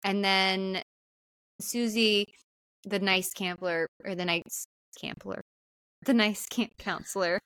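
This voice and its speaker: A woman co-hosting a podcast, recapping a film in casual chat and acting out the characters' lines in higher voices. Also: takes it slowly, clear, resonant tone, no echo. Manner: animated, acts out quotes in higher voices. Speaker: podcast co-host.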